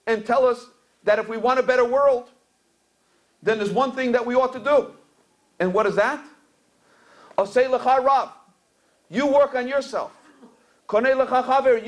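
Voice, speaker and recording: A middle-aged man, a rabbi, giving a storytelling Torah lecture and mixing Hebrew and Yiddish terms into English. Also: very high voice. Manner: storytelling, repeats words while searching for a phrase. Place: community center event hall.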